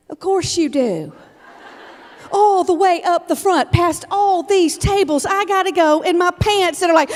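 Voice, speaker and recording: A woman in her fifties giving a humorous storytelling keynote as a motivational speaker, told in an animated comic way. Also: very high-pitched, measured pace. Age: 50s. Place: large event hall. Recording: long hall reverb from a live keynote.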